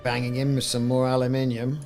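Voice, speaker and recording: A man's voice: medium pitch, completely flat delivery, fairly quick, a little mellow, faint music behind. A man with a Welsh accent hosting a casual gaming livestream, chatting and joking with mock sports commentary asides. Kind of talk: casual live-stream chat.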